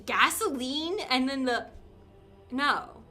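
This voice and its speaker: High, lively, giggly woman streamer. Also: slow pace. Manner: playful, giggly, teasing reactions. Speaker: livestreamer. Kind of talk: casual livestream chat. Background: faint game music.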